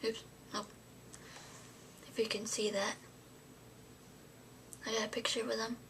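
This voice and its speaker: A woman's voice: fairly high pitch, level tone, unhurried, noisy background. Young woman rambling with whispered asides. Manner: rambling, full of fillers, often drops to a whisper. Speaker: vlogger. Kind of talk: casual storytelling to camera.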